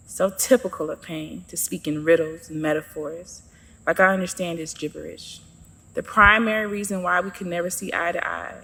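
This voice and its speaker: A woman's voice: on the low side, pushed and bright, long reverb tail. A woman narrating her own story in the first person, with a sassy, sarcastic manner.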